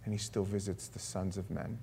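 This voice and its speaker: A man in his fifties preaching a sermon in an animated way, acting out voices and asides. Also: deep voice, a little fast, creaky, noisy background. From Florida. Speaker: pastor.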